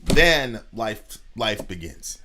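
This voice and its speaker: A man with a fairly low voice talks his way through ideas on a casual podcast, animated and quick to double back on his words. He sounds like a young adult, and a faint hiss sits under the recording. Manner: animated, repeats words when excited. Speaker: podcast co-host. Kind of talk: casual conversation.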